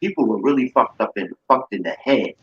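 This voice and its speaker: A military veteran speaks forcefully in a casual, heated debate. He swears and cites military law. His voice sounds slightly muffled. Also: mid-range voice, lively intonation, a little fast.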